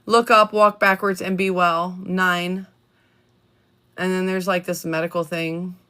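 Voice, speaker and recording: A woman hosting a casual livestream, reading letters aloud in a chatty, halting way with many ums and restarts. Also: lowish voice, flat delivery, bright, forceful tone, clean tone. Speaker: livestream host reading documents.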